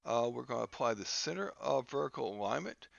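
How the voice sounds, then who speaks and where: Halting, gravelly man teaching software. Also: medium pitch, sing-song, no echo, highs cut off. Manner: halting, many fillers and restarts. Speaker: instructor. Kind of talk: screen-recorded software tutorial.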